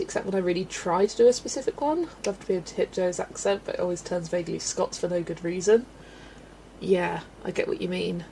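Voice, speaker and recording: A woman's voice: lowish voice, fast talker, creaky, dark tone, slight background noise. A woman chatting casually at home while colouring on a livestream, answering chat and often breaking into giggles. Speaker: livestream host.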